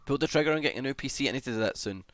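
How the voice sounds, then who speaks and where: A man streaming live, chatting casually as he reads and answers comments, with sudden excited shouts. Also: medium pitch, racing, no echo. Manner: chatty, greets viewers, bursts into excited shouts.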